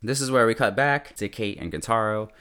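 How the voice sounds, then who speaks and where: Chatty man with a smooth low voice. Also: lively intonation, brisk, a bit bright. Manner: chatty, lots of "like", laughs often. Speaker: show reviewer. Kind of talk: casual episode recap.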